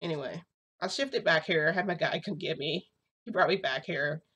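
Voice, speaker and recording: A young woman with a low-pitched voice recounts a story in a casual vlog. She chats easily and slips into quoting the other people in the story as she goes. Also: normal speed, a bit bright, slightly rough, muffled recording. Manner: chatty, acts out quotes of others in dialogue. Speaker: vlogger telling a reality-shifting story.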